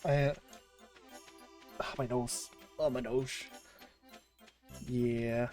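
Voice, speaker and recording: A woman streamer chatting casually on a livestream, gushing and excitable, often restarting her sentences. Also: extremely low pitch, drawn-out words, soft background music.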